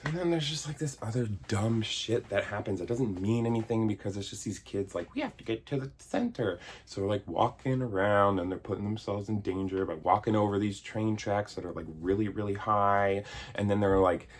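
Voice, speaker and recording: A man's voice: on the low side, fairly even intonation, moderate pace. A man in his thirties giving a sarcastic, exasperated comedic film review, swearing casually. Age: 30s. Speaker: video essayist reviewing a film. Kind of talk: comedic movie review rant.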